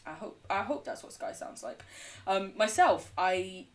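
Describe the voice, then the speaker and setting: An English woman chatting casually while streaming a game, animated, laughing often and swearing freely. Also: medium pitch, measured pace, far from the mic. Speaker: livestreamer. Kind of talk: casual chat while gaming.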